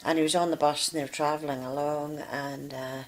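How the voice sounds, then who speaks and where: A woman's voice: deep voice, little pitch movement, a little fast, rough recording. A woman, co-hosting a casual chat and telling a story with lots of fillers. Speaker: co-host.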